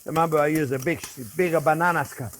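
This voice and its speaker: An older French chef, whose first languages are Italian and French, demonstrates a recipe in his kitchen with a French accent. His voice is fairly high and quick, with slight background noise. He's chatty, animated and joking, treating viewers like friends.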